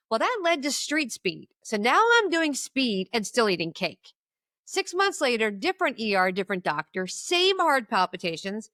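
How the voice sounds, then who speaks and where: A woman's voice: fairly high pitch, sing-song, normal speed, bright, forceful tone, dry recording, clean studio sound. A woman in her forties, an addictions coach, telling her personal story in a podcast interview and acting out the people she quotes.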